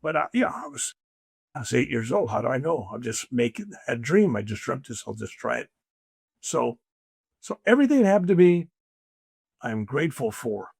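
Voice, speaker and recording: An older man with a mid-range voice, vocal fry, and a breathy edge speaks at normal speed in a studio-quality recording with no room sound. A spiritual teacher appearing as a guest, he tells stories conversationally and animatedly, acting out the voices he quotes.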